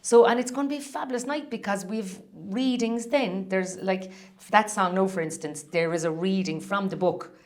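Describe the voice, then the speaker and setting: A middle-aged woman with a Cork accent, chatting as a podcast guest and telling stories in quick, rambling bursts. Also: mid-range voice. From Ireland. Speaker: guest singer-songwriter. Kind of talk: casual podcast interview.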